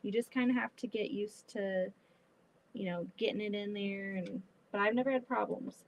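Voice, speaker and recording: A woman hosting a casual livestream while she sews, chatty and animated, often breaking into exclamations. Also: medium pitch, normal speed, muffled recording, slight background noise. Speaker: livestream host. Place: home sewing room.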